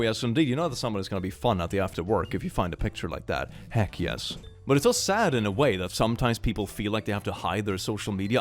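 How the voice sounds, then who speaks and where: A young man chatting casually as a reaction host, his pitch swinging widely as he jokes along. He sounds playful and upbeat, tossing off quick asides with a laugh in his voice. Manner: playful, animated, frequent laughs.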